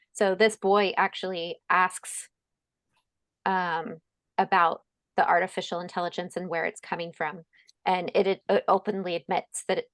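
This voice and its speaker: A woman's voice: lowish voice, fairly bright tone, no room sound. A woman speaking at a webinar in a casual, earnest way, with frequent fillers and restarts. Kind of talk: presentation at a webinar.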